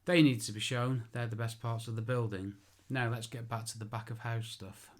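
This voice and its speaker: An architectural photographer gives an informal spoken tutorial in a steady, mid-range male voice at a normal speed. He's chatty and self-deprecating, correcting himself out loud as he goes.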